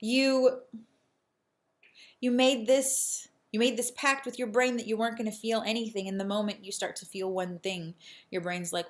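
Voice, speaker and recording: A woman's voice: mid-range voice, fairly even intonation, normal speed. A young adult woman talking earnestly to camera in a casual personal vlog, reflective and prone to restarting her sentences. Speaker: real estate agent and vlogger.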